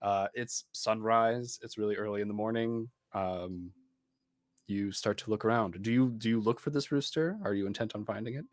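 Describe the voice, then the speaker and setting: A man narrating as game master in a relaxed, meandering way, with many ums. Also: fairly low pitch, normal speed, no echo, studio quality.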